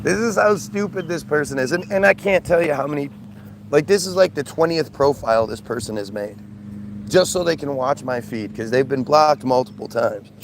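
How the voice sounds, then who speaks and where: A man's voice: on the high side, expressive, moderate pace, vocal fry, a little hiss or hum. A man casually telling a rambling, exasperated story to his live feed, acting out the people he quotes. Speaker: streamer.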